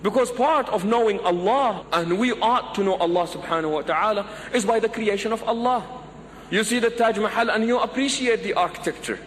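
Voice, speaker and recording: A man delivers a sermon with a fairly high voice, switching into pleading character voices as he tells a story. His voice rings with long hall reverb, and faint noise sits behind it. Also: a little fast. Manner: animated, acts out pleading voices in stories. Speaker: Islamic preacher.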